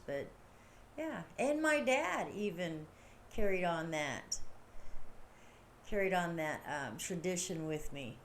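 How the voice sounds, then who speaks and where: A woman's voice: fairly low pitch, slight background noise. A woman chatting casually to her livestream viewers, rambling and laughing often as she talks. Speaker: livestream host.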